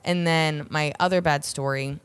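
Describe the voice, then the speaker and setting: A woman stand-up comedian telling stories in a casual chat, jumping into high voices when she quotes people. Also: moderate pace, smooth. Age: middle-aged. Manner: animated, acts out quotes with jumps in pitch. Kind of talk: casual podcast chat, storytelling.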